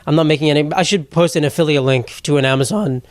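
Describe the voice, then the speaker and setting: Rambling, sarcastic young comedian, dry close sound. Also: male voice, fairly high pitch, quick pace, dry recording. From New York. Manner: rambling, sarcastic, swears freely, laughs at own jokes. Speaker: podcast host, comedian. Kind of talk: solo comedic podcast monologue.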